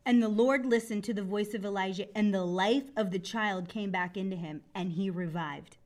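A woman's voice: medium pitch, normal speed, a little mellow. A middle-aged woman hosting a faith show, teaching from the Bible with lots of laughter and acted-out voices. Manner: laughs often, acts out scripture voices. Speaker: faith podcast host.

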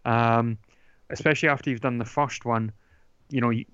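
This man talks board games as a podcast guest, wandering through the topic with frequent ums and false starts. His steady mid-range voice sounds clean and fairly bright at normal speed, with no echo, though the recording is dull and lo-fi.

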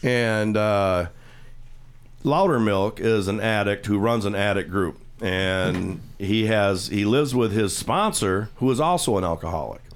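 A man's voice: fairly low pitch, unhurried, clean tone. A man hosting a radio show, casually retelling a TV scene in the studio and acting out the quoted voices. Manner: rambling storyteller, acts out quoted voices. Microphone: studio microphone.

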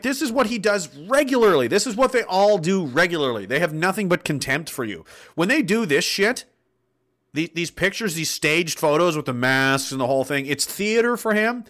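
Male vlogger, higher-pitched, sardonic, indignant political ranter. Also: lively intonation, a little fast, fairly bright tone. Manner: indignant, sardonic, swears freely. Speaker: political commentator. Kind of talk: ranting political vlog.

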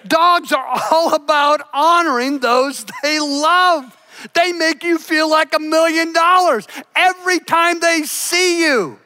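An older man preaching to a church, his voice high and bright. He delivers the sermon with big swings, booming out some lines and dropping almost to a hush on others. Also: slow. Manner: emphatic preacher with big swings between loud and hushed. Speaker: pastor.

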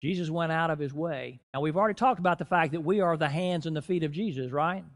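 Preaching a sermon as a guest in a church, this middle-aged man speaks with a fairly high pitch. He swells and drops in volume and eases his pace to drive home key phrases.

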